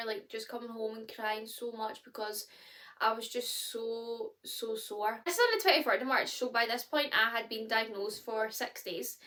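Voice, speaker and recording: A young Scottish woman in her twenties, chatting casually to camera as a vlogger, candid and expressive with lots of fillers. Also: on the high side.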